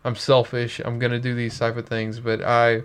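A man's voice: mid-range voice, completely flat delivery, moderate pace, fairly bright tone, clear, resonant tone. A young man co-hosting a podcast, talking in a casual, earnest and reflective way. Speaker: podcast co-host. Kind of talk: casual chat.

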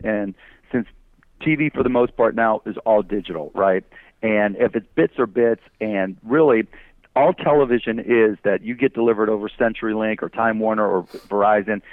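A man's voice: lowish voice, no room sound. A man guesting as an entrepreneur on a phone interview, arguing emphatically through rhetorical questions. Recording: tinny phone line.

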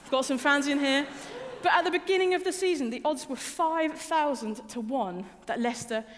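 A woman from England delivers a sermon with a high voice and a chatty, self-deprecating humor. The big church hall adds a long, ringing reverb behind her. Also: normal speed. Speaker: preacher.

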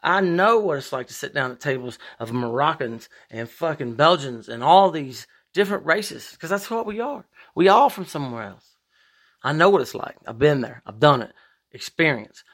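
A man hosting a podcast, talking in a profane, rambling monologue with big emphatic swings in pitch. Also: vocal fry, fairly bright tone. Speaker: podcast host. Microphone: podcast microphone.

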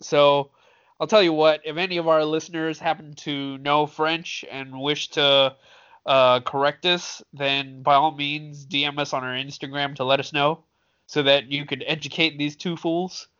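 A man's voice: fairly high pitch, little pitch movement, normal speed, a bit bright, clear, resonant tone. Wry man co-hosting a podcast. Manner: dry, wry, mock-formal. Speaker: podcast co-host. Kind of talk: casual chat. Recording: dull lo-fi sound.

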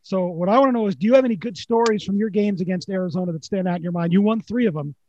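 A man asking an interview guest a quick, eager question in a recorded clip. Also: sits high, a little mellow, a little hiss or hum. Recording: dull lo-fi clip from off-mic.

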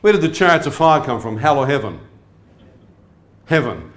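Kiwi guy preaching, lively, keeps asking the crowd stuff, big echoey room. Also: medium pitch, moderate pace. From New Zealand. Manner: animated, asks the crowd questions. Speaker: evangelist. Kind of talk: sermon testimony. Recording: echoey hall.

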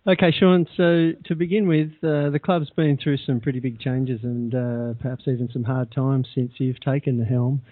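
A man interviewing a club executive, asking measured questions with fillers. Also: mid-range voice, fairly even intonation, dry recording. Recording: tinny dry phone line.

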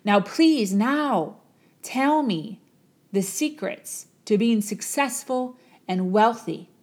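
A woman's voice: a little high, expressive, slow pace, a little mellow. A woman voicing an impatient young man in a story she tells, pleading and exasperated.

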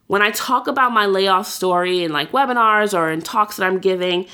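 A woman's voice: medium pitch, normal speed, sharp tone, smooth. A young adult woman hosting a podcast, telling a personal story in a candid, conversational way with many fillers. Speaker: podcast host.

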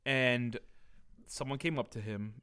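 A man's voice: medium pitch, a little slow, a bit bright, clean tone. Profane, exasperated young man ranting. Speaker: podcast co-host. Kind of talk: casual comedic storytelling.

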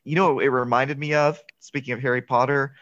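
A man's voice: mid-range voice, a little fast, dry recording. A man casually recapping a movie as a podcast co-host, chatty and laughing often. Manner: chatty, laughs often, quotes lines in excited voices. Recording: dull lo-fi, dry.

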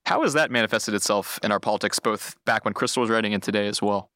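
Quick, bright-voiced man podcast host. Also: lowish voice, no room sound, clean studio sound. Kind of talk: interview questions.

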